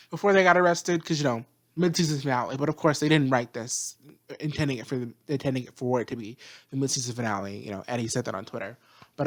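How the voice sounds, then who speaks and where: A video reviewer giving a casual spoken review, chatty and full of slangy asides, laughing often. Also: medium pitch. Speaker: video reviewer of an animated series.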